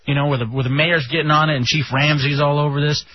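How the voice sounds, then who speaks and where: A young man from Texas hosting a radio show, telling stories in an animated way with casual swearing. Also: on the high side, fast, slight background noise. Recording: dull lo-fi radio sound.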